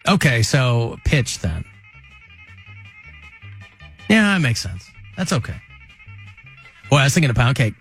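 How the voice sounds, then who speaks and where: A man hosting a radio talk show, chatting casually with rambling, animated asides. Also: medium pitch, a little slow, pauses often, faint music behind. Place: radio studio.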